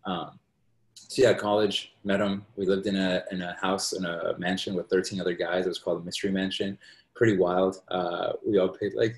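A man's voice: low-pitched, little pitch movement, moderate pace. A man talking as a podcast guest, telling rambling personal stories in a casual conversational way and tagging his sentences with "right?". His voice is recorded in a roomy space. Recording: roomy echo.

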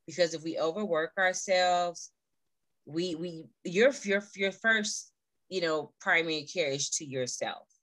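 Low, bright-voiced woman, very dry sound. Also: no echo, low-quality recording. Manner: earnest, heartfelt, with many fillers. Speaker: guest. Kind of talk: personal story in a remote interview. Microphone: video call.

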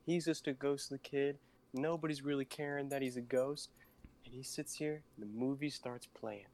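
A man's voice: medium pitch, steady tone, moderate pace, a little mellow. A man co-hosting a casual podcast, telling a silly rambling story in a playful way. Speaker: podcast co-host.

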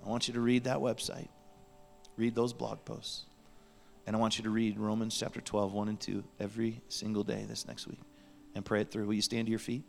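A man's voice: lowish voice, level tone, moderate pace, vocal fry. A man preaching a sermon in a church, earnest and pleading, sometimes dropping to a near whisper. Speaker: pastor. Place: church sanctuary.

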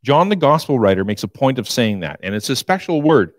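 A man preaching a sermon, retelling a scripture story in an animated, storytelling way. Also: medium pitch, brisk, no echo.

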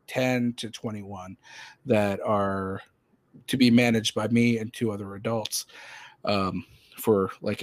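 A man hosting a casual podcast, telling a personal story in a rambling, animated way with many fillers and restarts. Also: medium pitch, no echo. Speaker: podcast host.

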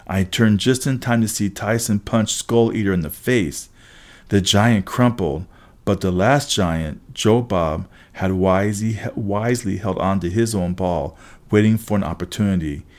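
A man reading a first-person adventure story aloud as an audiobook narrator, brisk, with occasional restarts. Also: on the low side.

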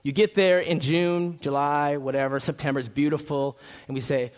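A man's voice: fairly high pitch, moderate pace, hardly any pauses. A young male pastor from Minnesota preaching a sermon from a church stage, in a joking, conversational way. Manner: jokey, conversational, lively.

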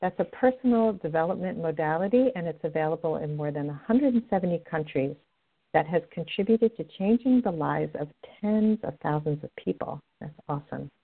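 A woman's voice: sits low, expressive, brisk, creaky, husky. A middle-aged woman hosting a radio show as a love coach, chatting in an upbeat, direct way. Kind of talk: podcast host monologue. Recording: tinny phone-line audio.

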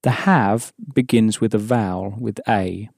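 A man's voice: fairly low pitch, a little slow, creaky, a little mellow, dry recording, clean studio sound. A man teaching an audio language course, patiently explaining and prompting the learner to answer.

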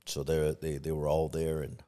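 Very deep-voiced man telling his story. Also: monotone, moderate pace, dark tone. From Los Angeles area. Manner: storytelling, acts out quoted voices, many restarts. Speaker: pastor. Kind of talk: personal testimony in a podcast interview.

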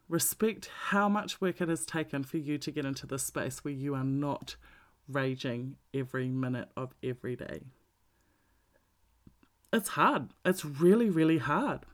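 Blunt, swearing woman. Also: deep voice. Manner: blunt, swears freely, animated emphasis. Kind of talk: casual monologue.

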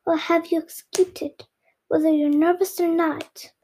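Sharp-tempered storybook king, read by a child, high and mellow, slow reading. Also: level tone. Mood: stern.

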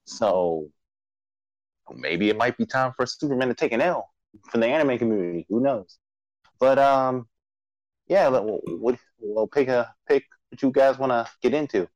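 A man's voice: mid-range voice, animated, normal speed, a little mellow, no room sound, dull audio. Man hosting a podcast, mock-preacher flair. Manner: mock-grand preacher-style intro, then loose chatty talk. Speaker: podcast co-host. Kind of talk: casual podcast chat.

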